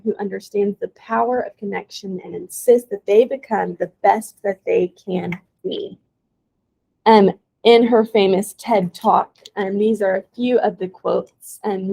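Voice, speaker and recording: A woman's voice: mid-range voice, creaky, dark tone, slightly rough, poor audio. A young woman teacher giving a casual presentation to teaching aides, with plenty of "um"s along the way. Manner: casual, with many "um"s and "y'all".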